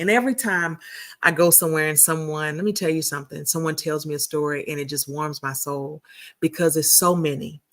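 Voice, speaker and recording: A woman's voice: low voice, fairly bright tone. Chatty woman host telling a story. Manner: chatty, addresses viewers as y'all; repeats and restarts phrases while telling. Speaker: community founder and host. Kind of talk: casual live-stream storytelling.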